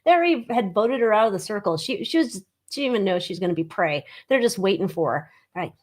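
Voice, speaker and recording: A woman's voice: mid-range voice, expressive, quick pace. Woman host of a live card-reading stream; chatty, joking, irreverent, talks straight to viewers. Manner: snarky, joking, laughs at her own jokes; chatty with many fillers and asides to viewers.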